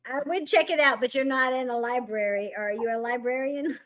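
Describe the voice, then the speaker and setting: A woman's voice: on the high side, fairly quick, a bit bright. A woman co-hosting a casual chat, telling a joke in a giggly, rambling way and losing her place. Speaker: podcast co-host.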